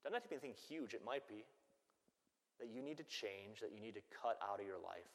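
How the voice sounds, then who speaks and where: A man's voice: on the low side, fairly quick. Male priest preaching in an echoing church. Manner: animated storytelling that acts out the people it quotes. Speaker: Catholic priest. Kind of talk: sermon. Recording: long church-hall reverb.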